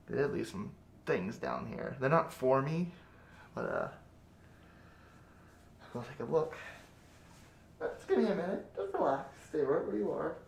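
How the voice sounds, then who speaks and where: A man acting as a crude, menacing bandit captor in a 3D audio role-play, swinging between close whispers and loud taunts. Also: fairly high pitch, creaky, roomy sound, heavily acted. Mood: taunting.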